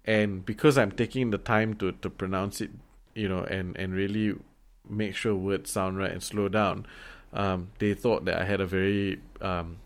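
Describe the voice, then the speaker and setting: A man's voice: deep voice, steady tone, normal speed. A man from Singapore with a Singaporean English accent, talking casually and animatedly, swearing freely with lots of fillers and restarts. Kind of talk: casual conversation.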